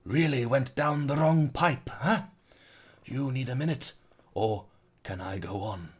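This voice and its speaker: A man's voice: mid-range voice, a little slow, slightly rough. A man streaming a game live, reading its narration aloud dramatically between jokey, profane banter with chat.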